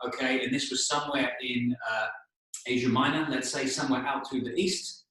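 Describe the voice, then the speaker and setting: A man's voice: mid-range voice, steady tone, fairly bright tone. Echoey, slightly distant male English teacher. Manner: explains slowly, checks in with "okay?", spells out words. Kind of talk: storytelling lesson for learners. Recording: echoey room, voice a bit distant.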